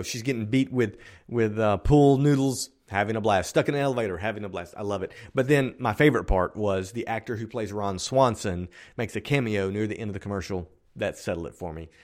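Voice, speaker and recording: Chatty upbeat male podcast host. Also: on the low side. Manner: upbeat, chatty, self-described optimist; rambling with frequent restarts and fillers. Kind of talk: casual solo podcast talk.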